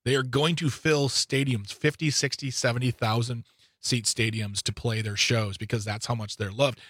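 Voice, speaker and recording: A man hosting a radio show, chatting casually and playfully with a co-host, with lively swings in pitch. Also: normal speed, slightly rough, no room sound, clean studio sound. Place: radio studio. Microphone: studio microphone.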